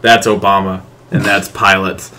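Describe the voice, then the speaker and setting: A man's voice: fairly low pitch, level tone, unhurried, bright, forceful tone. A man hosting a podcast, joking casually and putting himself down. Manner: joking, self-deprecating, laughs a lot. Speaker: podcast host. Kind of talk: casual chat.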